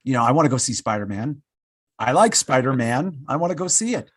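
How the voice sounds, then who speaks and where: A man with a husky, slightly rough voice rambles through a casual podcast chat. He trips over his own words, piles on fillers and pokes fun at himself. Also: mid-range voice, expressive, a little fast, a bit bright, dry recording. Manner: rambling, self-mocking, with many fillers and restarts. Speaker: podcast co-host.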